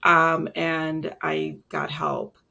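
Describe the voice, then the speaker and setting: A woman's voice: low voice, very animated, extremely slow, creaky, sharp tone. A woman in her late forties, a chef and entrepreneur, telling her life story candidly in a casual interview, with many fillers and restarts. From Brooklyn and South Carolina. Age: late 40s.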